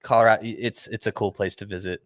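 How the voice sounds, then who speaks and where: A man's voice: lowish voice, fairly even intonation, fast talker, a bit bright. A young adult man co-hosting a podcast in casual, jokey chat, often trailing off mid-sentence. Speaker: podcast co-host.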